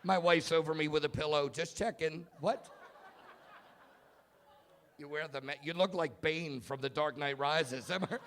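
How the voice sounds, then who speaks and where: A man in his thirties doing a stand-up comedy set in a club, telling self-mocking stories about his kids and bursting into shouted punchlines. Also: on the high side, measured pace, long pauses, slight background noise. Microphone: handheld stage mic.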